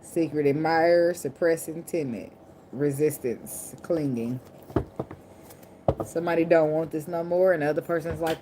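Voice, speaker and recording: A woman with a low voice gives a casual tarot reading to her camera. She talks bluntly, swears freely and jokes as she goes. Clicks and the shuffle of cards are clearly heard under her voice. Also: moderate pace, warm tone, slight background noise. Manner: blunt, profane and joking. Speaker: tarot reader. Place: indoors at night under a ring light.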